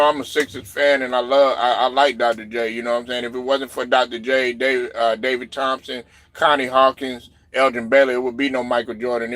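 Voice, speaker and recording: A man hosting a loose sports talk stream, rambling with plenty of fillers and asides. His voice sits at an ordinary middle pitch. The sound is dry, with no room around it. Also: fairly bright tone, no room sound. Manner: loose, rambling, lots of fillers and "you know what I'm saying". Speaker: livestream host reading chat.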